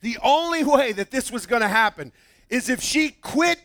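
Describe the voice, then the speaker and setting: A man preaching a sermon, telling a story with lively acted-out quotes. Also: extremely high pitch, moderate pace, no room sound. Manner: animated storytelling, acts out quoted voices. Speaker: pastor.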